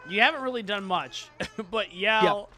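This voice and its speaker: A man narrating as game master of a comedy tabletop game, joking quickly and voicing side characters. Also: high voice, sharp tone, faint music behind.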